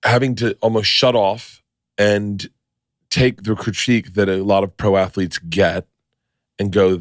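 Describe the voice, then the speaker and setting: A man hosting a podcast, telling stories in a rambling, excitable way and swearing freely. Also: fairly low pitch, measured pace, no room sound, studio quality. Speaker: podcast host. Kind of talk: casual podcast chat.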